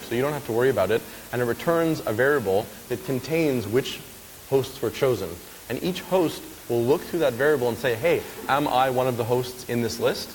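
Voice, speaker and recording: Casual man demoing live in a hall. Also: mid-range voice. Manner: casual, chatty, keeps checking in with the audience. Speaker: conference speaker. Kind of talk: live technical demo talk. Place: conference lecture hall. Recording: reverberant hall with faint hiss.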